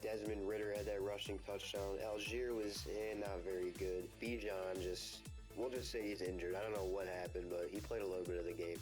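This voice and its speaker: Low-voiced guy calling a football video game, hyped, game music playing behind. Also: a little fast, few pauses, rough recording. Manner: excitable, bursts into loud exclamations. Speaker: gaming video host. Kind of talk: play-by-play game commentary.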